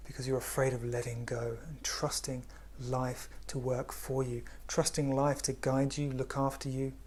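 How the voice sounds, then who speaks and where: A man giving a spiritual talk in a gentle, unhurried way, often dropping to a hush. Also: medium pitch, flat delivery, breathy edge. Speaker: spiritual teacher.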